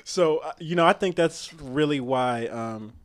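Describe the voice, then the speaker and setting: A man talking as the guest actor in a casual interview, relaxed, laughing easily and using lots of fillers. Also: fairly high pitch, measured pace.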